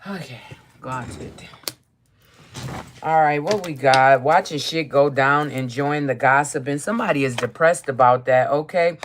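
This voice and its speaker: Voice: medium pitch, a little slow, background noise. A tarot reader streaming live who talks bluntly and profanely, ending nearly every phrase with "okay?" and reading card meanings out as lists of keywords.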